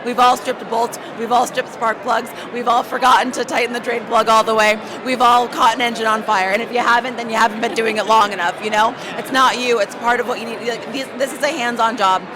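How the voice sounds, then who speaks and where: A woman mechanic, hoarse from talking all day, giving emphatic, motivating interview answers. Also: on the high side, little pitch movement, a little fast, hardly any pauses. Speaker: automotive technician guest. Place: busy trade show floor. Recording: crowd chatter and noise behind.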